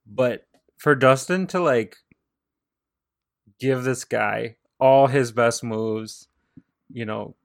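A man's voice: mid-range voice, slow, vocal fry, long pauses, no echo, clean studio sound. A man co-hosting a casual wrestling chat, joking and riffing with mock impressions. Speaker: podcast co-host.

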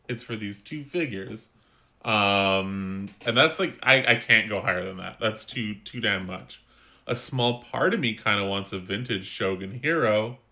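Casual male podcast co-host, bright tone, relaxed and chatty, reads listener mail. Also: lowish voice, creaky. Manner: laid-back, chatty, swears casually. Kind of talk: casual chat, reading a listener letter.

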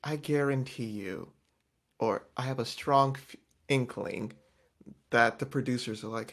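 A man's voice: mid-range voice, a little slow. A man chatting casually about a reality show, rambling, restarting and acting out quotes with bursts of volume. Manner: animated, acts out quotes loudly, rambling with restarts.

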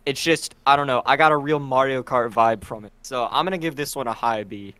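A man's voice: mid-range voice, a little fast, bright, forceful tone, clear, resonant tone, dry recording. A young man co-hosting a podcast, chatting casually and rambling as he hunts for words. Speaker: podcast co-host. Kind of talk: casual chat.

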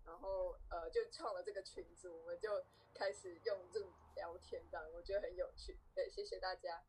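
A woman introducing herself in a language exchange group over a video call, halting with fillers. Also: lowish voice, expressive, a little mellow, a little hiss or hum, low-quality recording. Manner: halting, frequent fillers and restarts.

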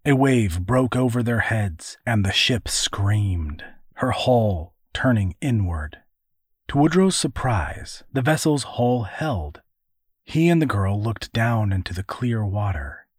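A man narrating an adventure story in a measured, even audiobook reading. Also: on the low side, breathy edge, dry recording, studio quality.

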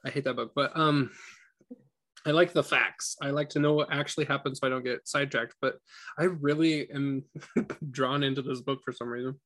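A man's voice: medium pitch, fairly even intonation, normal speed, a bit bright. A young man in a casual book group discussion, chatty and laughing often, with many fillers. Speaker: book group member and audiobook reader.

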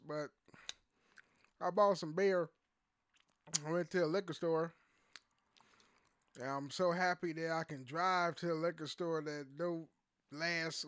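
A man's voice: fairly high pitch, fairly bright tone, no echo, studio quality. A man hosting a podcast at home, rambling loosely in casual chat and swearing freely. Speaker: podcast host. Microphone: studio podcast mic.

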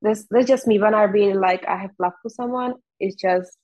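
A woman's voice: medium pitch, darkish tone, rough recording. Woman with a Czech accent, candid. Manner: candid, fast, heavy use of "like". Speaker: guest. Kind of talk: casual interview chat.

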